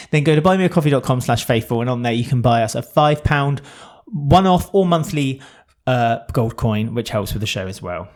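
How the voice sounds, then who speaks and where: British guy cohosting a podcast, jokey and chatty, pitch bouncing all over. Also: expressive, moderate pace, few pauses. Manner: chatty, jokey, puts on mock accents. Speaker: podcast co-host. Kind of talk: casual chat.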